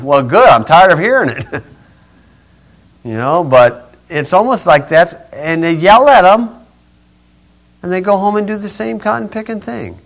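A man's voice: high-pitched, expressive, unhurried, vocal fry, long pauses. A man teaching from the Bible in an easygoing, homespun way. He chuckles often and drifts into side stories. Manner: folksy, chuckling, rambling asides. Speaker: pastor.

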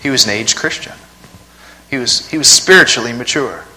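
Male preacher, conversational, rhetorical questions, forceful tone, long hall reverb. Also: mid-range voice, a little fast. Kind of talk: sermon.

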